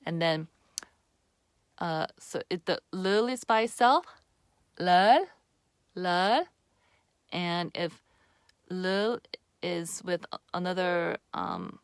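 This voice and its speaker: Slow, patient woman teaching pronunciation. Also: fairly low pitch, fairly even intonation, gravelly, clean tone, no echo, studio quality. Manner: patient, repeats sounds slowly for the viewer. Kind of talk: casual on-camera pronunciation lesson.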